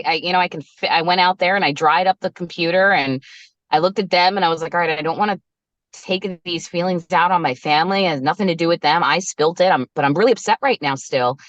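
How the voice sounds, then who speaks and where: A woman's voice: lowish voice, no echo, highs cut off. A woman in her thirties, a resilience coach guesting on a podcast, telling a personal story candidly and acting out the lines she quotes. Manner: animated, acts out her own quoted lines.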